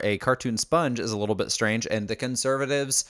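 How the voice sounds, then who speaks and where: Male podcast co-host; average pitch; dry, teasing delivery. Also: brisk, fairly bright tone. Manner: wry, teasing, crude humor. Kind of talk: casual chat.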